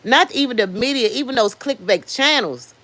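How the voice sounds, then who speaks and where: A woman in her fifties hosts a casual livestream and gives her opinions bluntly. She swears freely and stops to answer viewers. Her voice sits fairly high, and the sound is dry and close. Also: lively intonation, normal speed, a bit bright, no room sound. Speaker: livestream host. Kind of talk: casual commentary.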